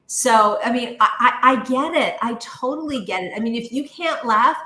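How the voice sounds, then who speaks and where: A woman's voice: fairly high pitch, lively intonation, moderate pace, sharp tone. A woman who is a guest on a talk show, fondly reminiscing in casual chat. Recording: echoey room.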